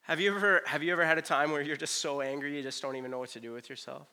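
A man preaching a conversational sermon. He retells a Bible story and acts out the characters' lines in quick asides. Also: on the high side, steady tone, sharp tone. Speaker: pastor.

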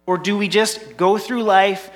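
A man's voice: sits high, steady tone, unhurried. A male pastor giving a sermon in a conversational, humorous way, asking the congregation rhetorical questions. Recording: long reverb in a large hall.

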